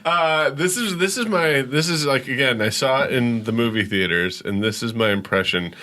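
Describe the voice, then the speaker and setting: A podcast guest with a bright, edgy male voice and a middling pitch. He makes crude jokes and throws in quick asides. The talk stays loose and casual. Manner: joking and crude.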